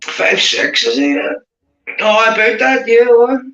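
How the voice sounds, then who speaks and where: This Northern Irish livestream host, who has a Belfast accent, takes it slowly in a casual chat, constantly calling people mate. He's chatty with animated rises in pitch, recorded in an echoey room with the highs cut off.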